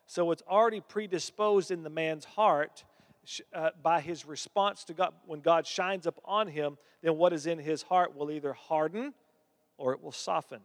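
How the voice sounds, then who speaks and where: A man delivers a sermon with a notably high voice, growing animated and climbing higher as his stories build. His words ring out with a long reverb, as in a large church sanctuary. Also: moderate pace. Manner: animated storytelling, voice climbs when excited. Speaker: preacher.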